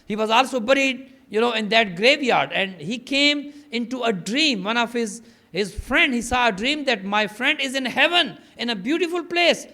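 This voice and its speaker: A man's voice: extremely high pitch, lively intonation, normal speed, sharp tone. A man preaching an impassioned mourning sermon, telling stories and building to fervent, grief-laden emphasis. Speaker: maulana preaching at a mourning gathering.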